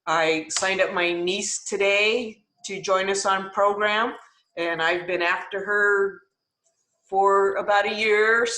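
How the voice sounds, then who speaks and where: A woman's voice: medium pitch, a bit bright. Emotional upbeat woman in a roomy space. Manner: emotional, enthusiastic. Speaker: coach. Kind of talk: sharing takeaways on a group call.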